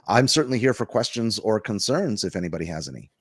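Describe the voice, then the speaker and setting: A man's voice: lowish voice, lively intonation, quick pace, slightly rough, no room sound, clean studio sound. A man giving friendly, plain-spoken test-prep advice as a guest in a webinar Q&A. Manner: encouraging, chatty, plain-spoken.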